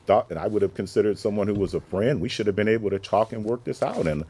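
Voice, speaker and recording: A man's voice: fairly low pitch, fast talker, husky. A man being interviewed, recounting events conversationally and acting out the dialogue he quotes. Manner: animated retelling, acts out quoted dialogue. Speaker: interview guest, former mayoral policy advisor.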